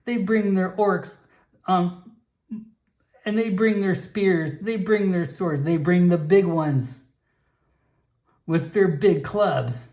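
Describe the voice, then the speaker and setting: A man's voice: high-pitched, slow pace, pauses often, a little mellow, voice pushed up. Man doing a scolding old frog-folk grandmother. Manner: broken clipped speech, scolding. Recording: echoey room.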